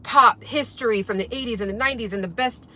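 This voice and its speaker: Quick and forceful, her bright voice sits on the high side, and a little hiss or hum runs under it. The young vlogger eats breakfast while rambling casually to her viewers on camera.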